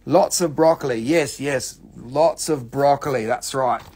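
A man's voice: mid-range voice, a little slow, darkish tone, breathy edge. A man hosting a live rock sale in a casual, joking way, cursing freely and slipping into playful put-on accents. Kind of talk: casual live sales stream.

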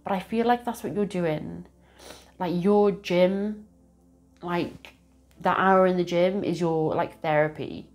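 Female tarot reader, low-pitched, chatty and rambling, quick to laugh. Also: darkish tone. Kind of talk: casual tarot reading to camera.

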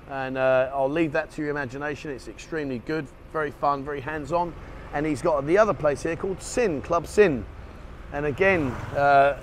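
An enthusiastic man rambles cheerfully to his camera while walking outdoors. His voice sits a little high. Traffic and street noise carry clearly behind him. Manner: chatty, enthusiastic, rambling with fillers. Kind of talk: casual walking vlog.

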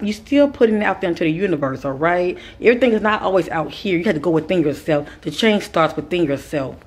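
A woman's voice: lowish voice, expressive, fast talker, hardly any pauses, breathy edge. A woman giving a spiritual advice monologue, speaking with a repetitive, preacher-like cadence and calling her listeners kings and queens. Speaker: spiritual teacher.

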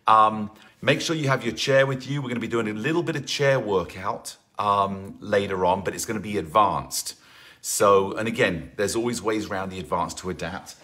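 A male fitness instructor talks through a live online class in a chatty, encouraging way. He has a fairly low voice with a bright, forceful edge. He drifts into asides and greets viewers one by one. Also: moderate pace.

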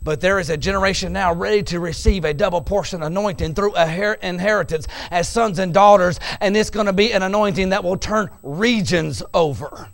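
A pastor delivering a sermon, moving from quiet storytelling to loud, emphatic preaching. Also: male voice, high-pitched, fairly quick, vocal fry, hardly any pauses.

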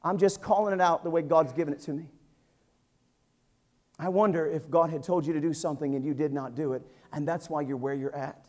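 A man in his fifties, a pastor preaching a sermon in a church, telling jokes and stories with lively, animated energy. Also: fairly high pitch, a little fast. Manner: energetic, joking, animated storytelling. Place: church sanctuary.

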